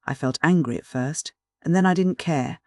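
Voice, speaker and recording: A man reading a classic novel aloud as an audiobook narrator, in even, clear first-person storytelling. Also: a little high, moderate pace, dry recording, clean studio sound.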